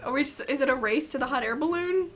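A woman's voice: sits high, quick pace, faint music behind. A woman co-playing a video game, chatting casually, giggly, exclamatory and easily flustered. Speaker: co-player. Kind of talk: casual gameplay commentary.

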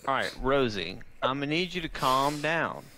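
A man co-streaming a video game in casual chat, animated and swearing freely as he talks to his party. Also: mid-range voice, moderate pace, very noisy.

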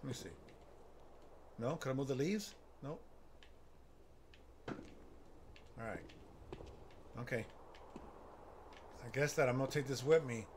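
A man giving nervous, excitable running commentary while playing a horror game, gasping and talking himself through it. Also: medium pitch. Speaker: gaming streamer. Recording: noticeable background noise.

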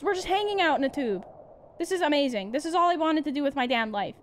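A young woman streaming a game, chatting casually, laughing often and yelling at the game. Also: sits high, animated, fast talker, a little hiss or hum. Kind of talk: casual gameplay commentary.

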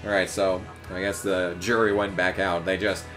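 A man's voice: low voice, little pitch movement, moderate pace, over music. A man reading fanfiction aloud for laughs, with sarcastic, profanity-filled commentary between the lines. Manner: sarcastic, swears a lot.

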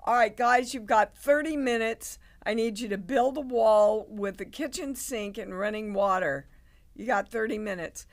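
A woman acting out a male film director who briskly orders his crew around. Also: a little high, close to an everyday voice. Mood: commanding. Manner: commanding, loud.

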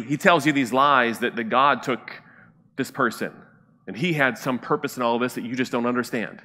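In a sanctuary with long, lingering reverb, a pastor delivers his sermon in a bright, forceful voice of medium pitch. He keeps things casual and conversational, frequently tossing a brief question to the congregation.

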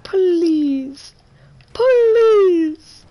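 A woman's voice: very high-pitched, lively intonation, very slow, no echo, lo-fi sound, voice pushed up, full character voice. A woman voicing a whiny, greedy young player who begs over and over for free items. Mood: whiny pleading. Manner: pleading, repeating "please" over and over.

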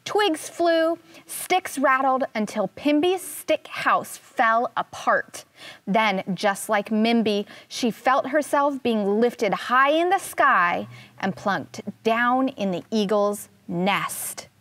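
A woman teaching first grade, reading a picture book aloud in a slow, expressive way and asking the children questions. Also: a little high, no echo.

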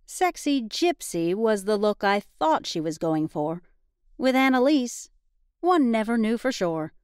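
A woman audiobook narrator reading a first-person cozy mystery in an even, conversational storytelling manner. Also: fairly high pitch, unhurried, smooth, no echo, clean studio sound.

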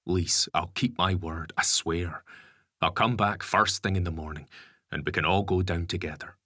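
A man's voice: low-pitched, fairly even intonation, moderate pace, sharp tone, dry recording, clean studio sound, heavily acted. A man voicing a blunt, sardonic ex-convict father in an audiobook. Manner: gruff, swears casually. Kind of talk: audiobook character voice.

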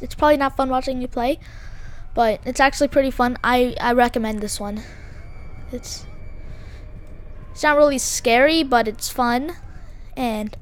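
A young woman commenting casually as she plays horror games at a computer, jumpy and quick to shriek and scream at scares. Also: fairly high pitch. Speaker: gaming video host.

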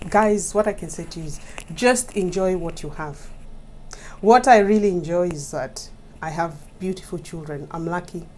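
Slight background noise accompanies this Kenyan YouTube vlogger, whose voice is low and a little mellow. She talks casually and chattily to her viewers, laughing often and addressing them directly through a mic in front of her.

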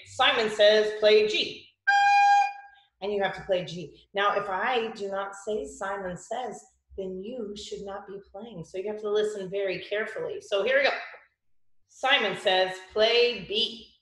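A woman music teacher giving a children's lesson, with slow, clear, patient instructions. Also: medium pitch, a bit bright, echoey room.

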